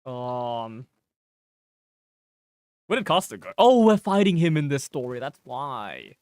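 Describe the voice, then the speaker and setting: A streamer with a northern English accent talking through a game in a laid-back, muttering way, swearing casually. The intonation rises and falls lively, and the sound is dry and close. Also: medium pitch, slow, dry recording. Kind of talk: casual gameplay commentary.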